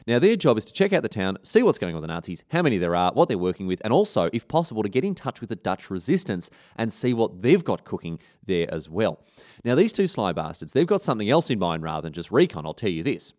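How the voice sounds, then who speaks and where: A man's voice: lowish voice, sing-song, fast, a little mellow. Irreverent Australian man spinning a yarn. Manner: slangy, irreverent, rambling asides. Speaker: storyteller. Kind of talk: comic history storytelling.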